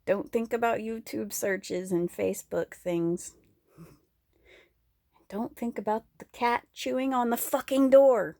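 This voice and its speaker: A woman's voice: on the high side, slow, vocal fry, warm tone, no room sound, studio quality. A woman vlogging from home, rambling candidly and crudely and laughing often as she talks. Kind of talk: casual rambling monologue.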